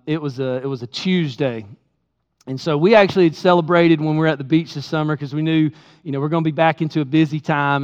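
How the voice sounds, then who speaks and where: A high-pitched man preaches a candid, storytelling sermon in a church sanctuary. His voice carries a long hall reverb, and the recording sounds slightly dull. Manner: candid storytelling with laughs, acting out his own quotes. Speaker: pastor.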